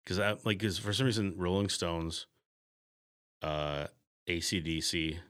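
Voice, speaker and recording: A man's voice: deep voice, a little slow, fairly bright tone, clear, resonant tone. A man co-hosting a casual podcast, rambling and self-deprecating with lots of hesitant restarts. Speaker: podcast co-host. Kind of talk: casual chat.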